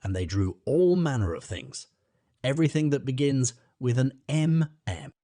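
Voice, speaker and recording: Dormouse, done by a man, hoarse, feeble, drowsy, sulky, slow, storybook creature. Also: medium pitch, animated, mellow, no echo, clean studio sound, voice pushed up, close to an everyday voice. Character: sleepy, sulky male dormouse. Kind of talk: audiobook character voice.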